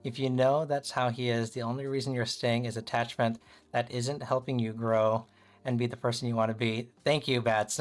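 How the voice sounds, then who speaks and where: Over faint background music, a man reads tarot casually on his livestream in a medium-pitched, flat voice at normal speed. Loose and chatty, he checks in with viewers and keeps dropping "kind of" and "right?".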